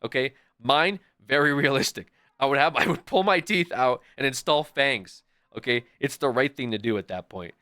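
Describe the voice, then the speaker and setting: A young man streaming, chatting casually in a rambling, excitable and profane way. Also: medium pitch, normal speed, dry recording, clean studio sound. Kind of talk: casual chat.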